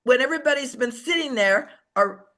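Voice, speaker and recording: A woman's voice: high-pitched, fairly quick. Woman acting out voices in a team training call. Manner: lively storyteller who acts out quoted voices. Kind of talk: motivational team training talk. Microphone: online call.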